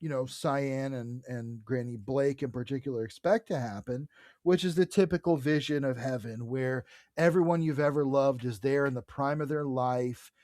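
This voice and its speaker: A man in casual chat, recapping with eager energy and frequent fillers. His voice sits at an ordinary middle pitch. The recording is dry and close, with no room sound. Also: normal speed, a little mellow, dry recording. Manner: enthusiastic retelling, many fillers. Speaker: podcast co-host. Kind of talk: casual chat about comics.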